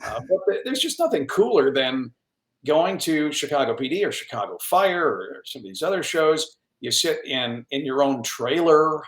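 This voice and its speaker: A man, a radio news anchor, telling stories as a guest in a casual interview, animated and self-deprecating with plenty of restarts. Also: a little high, normal speed. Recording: roomy echo on the voice.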